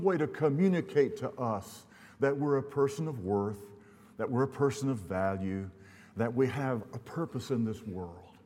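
A man's voice: medium pitch, expressive, normal speed, dark tone. An older man from Louisiana preaching a sermon in a church, telling folksy humorous stories. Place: church sanctuary. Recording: long hall reverb.

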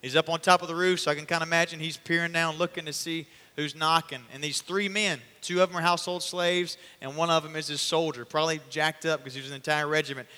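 Animated male preacher in a reverberant hall. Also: fairly high pitch, quick pace, hardly any pauses, clean tone. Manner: animated storytelling, acting out voices. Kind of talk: sermon.

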